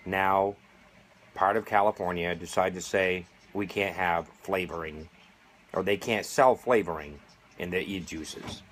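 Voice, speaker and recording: Indignant middle-aged man, low voice. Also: steady tone, measured pace, a bit bright, a little hiss or hum. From United States. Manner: sarcastic, indignant. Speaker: vaping advocate. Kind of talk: direct-to-camera appeal.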